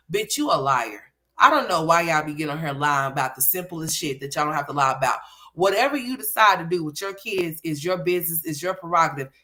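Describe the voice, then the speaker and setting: Sassy bright-voiced woman roasting a vlog. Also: mid-range voice. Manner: sassy, scolding, talks back at the screen. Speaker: commentary host reacting to a vlog. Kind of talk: profane reaction commentary.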